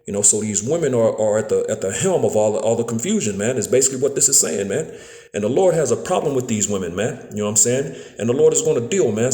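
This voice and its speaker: A preacher with a warm, lowish voice speaks in an echoey room, giving a casual street-style scripture lesson recorded on a phone. He fills his talk with "man" and "you know what I'm saying" and tends to trip over repeated words.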